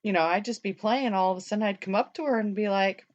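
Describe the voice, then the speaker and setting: On a dull, lo-fi recording, a young female podcast co-host chats loosely and rambles, dropping "like" constantly along with a mild curse now and then. Her pitch is medium and she speaks quickly.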